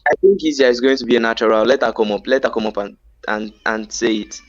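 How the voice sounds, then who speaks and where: A man's voice: mid-range voice, fast, dry recording, highs cut off. A man, patiently explaining slang in casual chat, often repeating himself as he restarts sentences.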